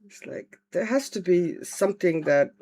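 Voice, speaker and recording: A woman's voice: lowish voice, expressive, moderate pace, mellow, a little hiss or hum. A woman from Estonia, chatting casually at home on a livestream while colouring and answering viewer comments. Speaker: livestream host, colouring artist.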